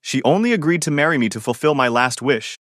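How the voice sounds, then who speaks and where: A man's voice: medium pitch, animated, quick pace, fairly bright tone, dry recording, studio quality, pitched above the performer's own voice, natural voice. A man voicing a scheming young man who whines and defends himself in a storybook reading. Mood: defensive.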